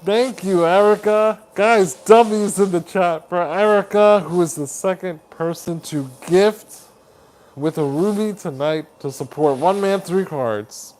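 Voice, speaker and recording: A man hosting a live stream chat. He reads viewer comments aloud, greets people warmly by name as buddy and honey, and laughs often. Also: sits high, measured pace. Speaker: livestream host.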